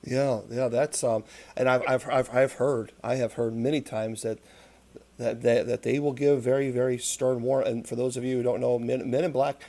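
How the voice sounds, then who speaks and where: Mellow-voiced male interview host. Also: mid-range voice, level tone, moderate pace. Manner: repetitive, earnest, stumbles over words. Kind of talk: interview talk.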